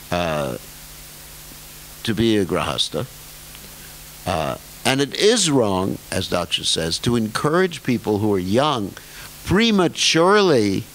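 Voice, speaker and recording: An older man giving a scripture lecture as a spiritual teacher, slowing down to stretch key words and slipping into humorous, self-deprecating asides. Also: medium pitch, a bit bright, poor audio. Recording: faint hiss in lecture recording.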